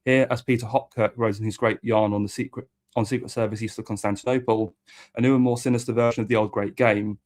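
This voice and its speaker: A man's voice: lowish voice, flat delivery, fast talker, a little mellow. A man reading a history book aloud as host and adding occasional asides.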